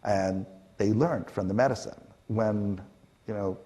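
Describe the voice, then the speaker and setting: A man's voice: on the low side, a little slow. Middle-aged canadian guy on stage telling anecdotes, lots of ums, acts out the quotes. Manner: animated, acts out quotes, frequent fillers. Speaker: panel guest. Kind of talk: conversational storytelling on stage.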